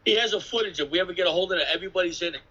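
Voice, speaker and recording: A man telling rambling, animated stories in a casual interview, acting out voices and swearing. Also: high-pitched, racing, highs cut off. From New York City. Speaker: interviewee, graffiti artist.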